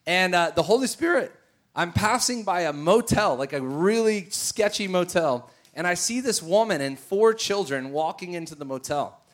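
A man's voice: high-pitched, normal speed. A male preacher telling stories in a sermon, acting out the voices of the people in them. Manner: animated, acts out voices in his stories. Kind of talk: sermon with storytelling.

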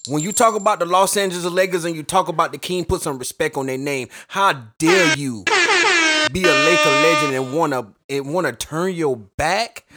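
A man's voice: a little high, moderate pace, loud music behind the voice. A man co-hosting a sports podcast, scolding indignantly and repeating himself, with features. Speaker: podcast co-host. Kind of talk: sports talk rant.

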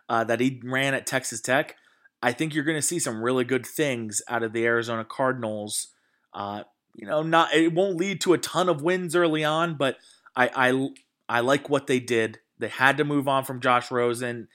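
A man hosts a casual sports podcast, talking through his opinions with eager enthusiasm. His voice is bright and forward, and he often stumbles, restarts and fills gaps with "uh" and "like". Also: mid-range voice. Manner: enthusiastic, with frequent fillers and restarts. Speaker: podcast host.

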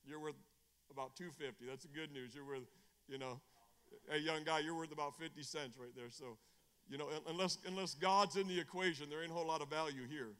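Animated evangelist man in a reverberant church. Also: a little high, a little fast, clear, resonant tone. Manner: animated preacher, swings from hushed storytelling to shouting. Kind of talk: testimony sermon.

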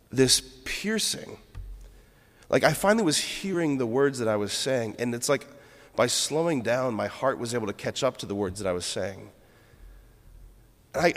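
A Catholic priest delivers a homily in a mid-pitched voice, speaking earnestly and reflectively as he tells stories from his own life. His words ring out with a long church reverb trailing after them. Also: fairly bright tone.

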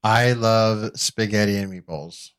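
A man's voice: on the low side, unhurried, fairly bright tone, smooth. A man co-hosting a casual podcast, teasing with dry humor. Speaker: podcast co-host.

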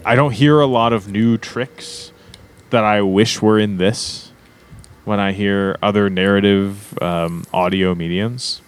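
A man co-hosting a podcast in casual chat, animated and often breaking into laughter while talking. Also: lowish voice, slow pace, smooth. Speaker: podcast co-host.

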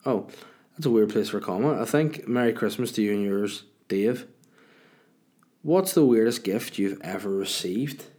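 A man's voice: on the low side, expressive, moderate pace, dark tone. A young man chatting casually on his solo podcast, telling crude, joking stories and swearing freely. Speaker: podcast host.

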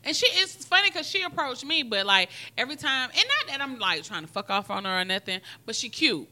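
A woman hosting a casual chat and telling a story in an animated, profane way. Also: high-pitched, brisk. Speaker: podcast host.

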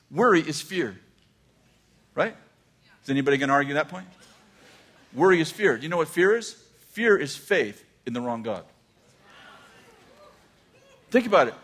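An older man preaching a sermon, telling a personal story with animated swings from hushed asides to near shouts. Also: on the high side. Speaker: pastor.

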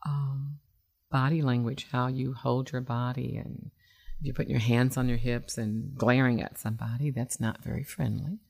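A woman's voice: rumbling low, fairly even intonation, normal speed, gravelly, a little mellow. A woman hosting an internet radio show as a relationship expert, giving advice in a conversational, emphatic way with frequent fillers.

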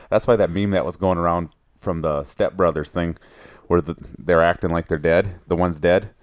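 A man's voice: low-pitched, moderate pace, dry recording. A man co-hosting a fishing podcast in casual chat, telling stories and acting out the people he quotes. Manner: animated storyteller, acts out quoted anglers. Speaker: podcast co-host.

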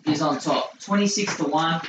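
Laid-back bloke tipping horses. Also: male voice, on the high side, normal speed, noisy background. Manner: laconic, joking banter. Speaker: racing podcast co-host. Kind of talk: casual tipping chat. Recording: roomy, distant, dull sound.

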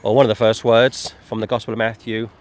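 A man, a street preacher, recounting trips in a measured, wry way during a casual chat. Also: fairly low pitch, little pitch movement.

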